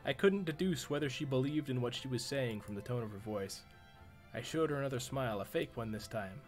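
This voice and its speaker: A man's voice: medium pitch, animated, fairly quick, faint music behind. A man live-streaming a horror visual novel, reading the narration aloud and breaking off for profane, jokey reactions.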